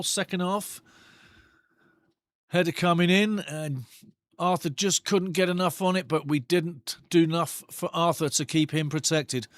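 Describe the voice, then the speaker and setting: A man hosting a live football watch-along, commentating excitedly on the match and chatting with viewers' comments. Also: a little high, no echo, clean studio sound.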